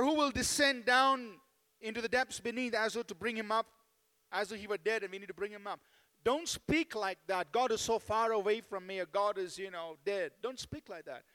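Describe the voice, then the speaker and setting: A man's voice: sits high, a bit bright. A man preaching a sermon as pastor, asking the congregation for amens and leading them in a spoken declaration. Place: church sanctuary. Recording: long hall reverb.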